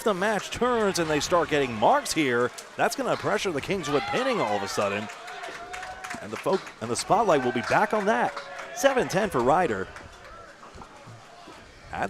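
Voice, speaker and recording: A man calling bowling play-by-play, animated on each shot with chatty asides. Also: fairly high pitch, normal speed, a crowd in the background. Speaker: play-by-play commentator. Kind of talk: live sports commentary. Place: bowling alley. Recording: noisy bowling alley broadcast.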